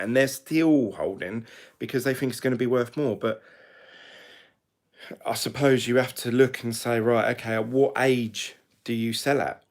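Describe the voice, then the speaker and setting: Rambling British man, low voice. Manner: rambling, chatty, self-correcting. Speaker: crypto vlogger. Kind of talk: casual monologue to camera.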